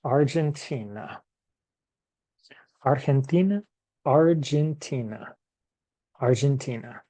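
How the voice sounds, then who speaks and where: A man teaching to Spanish speakers in a slow classroom lesson, patiently repeating each word and thinking aloud as he writes. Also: mid-range voice, warm tone. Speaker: English teacher.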